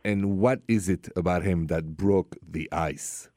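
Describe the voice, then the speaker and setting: A man hosting a radio advice show, speaking in an upbeat, emphatic and animated way. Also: sits low, unhurried, dry recording, clean studio sound.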